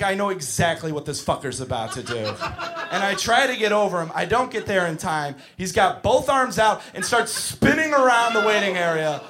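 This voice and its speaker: Animated high-voiced male stand-up comic. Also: noisy background. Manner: animated, shouting acted-out bits. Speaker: stand-up comedian. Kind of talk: stand-up comedy. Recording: live show with audience laughing. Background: crowd laughter.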